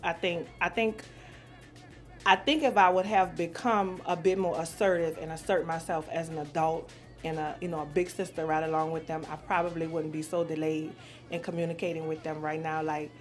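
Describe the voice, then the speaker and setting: A woman's voice: low-pitched, little pitch movement, moderate pace, faint music behind. A woman in her forties from New Orleans, answering questions in a blunt, profane casual chat and laughing easily. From New Orleans, USA. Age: 40s.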